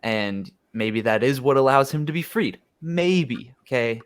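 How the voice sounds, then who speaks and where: A man on a podcast, giving a measured, thoughtful take in casual chat. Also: mid-range voice, expressive, smooth. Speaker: podcast guest.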